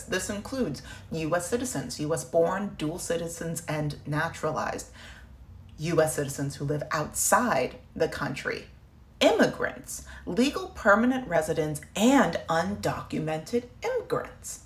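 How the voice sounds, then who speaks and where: A woman in her thirties giving impassioned, animated political commentary with a sarcastic edge. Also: lowish voice. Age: 30s. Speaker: video creator. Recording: echoey room.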